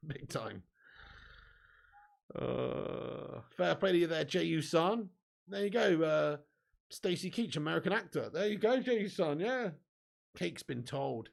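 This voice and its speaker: A young man whose creaky voice sits fairly high takes an unhurried pace as he hosts a live football watch-along. He commentates, reads viewer comments, swears heavily, laughs often, trades banter with viewers and gets worked up over chances and goals.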